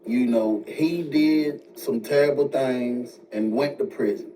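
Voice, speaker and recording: A man telling a story in a casual way, jumping high in pitch when he quotes other people. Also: slow pace, crowd noise. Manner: animated retelling, jumps high when quoting others. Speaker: storyteller in played video. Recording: distant mic with faint noise.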